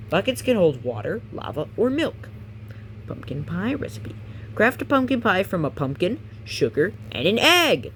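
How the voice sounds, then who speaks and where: Casual guidebook reader, animated delivery, frequent stumbles and asides. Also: medium pitch, slight background noise. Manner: casual, stumbling, self-correcting, chatty asides. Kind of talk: reading a game guidebook aloud.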